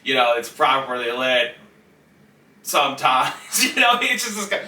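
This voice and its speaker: A man, a comedian guest on a podcast, telling a story in an animated, restless way with quick restarts. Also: medium pitch.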